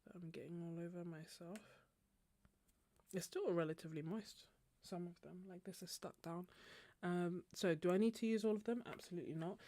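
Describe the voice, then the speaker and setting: A woman hosting a casual live painting stream, chatting with viewers and laughing often, her throat slightly husky. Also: lowish voice, fairly quick, mellow, no room sound. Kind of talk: casual chat while painting.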